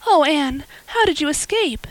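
A woman voicing an excitable teenage girl who speaks in breathless, urgent bursts. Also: normal speed, dry recording, low-quality recording. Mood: frantic relief. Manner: gasping, breathless, high and urgent.

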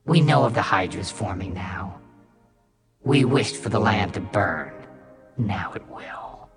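A chorus of ancient merfolk, put on by a male storyteller, deep and slow with an echo like whale song. They speak coldly and solemnly, over faint music. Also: animated.

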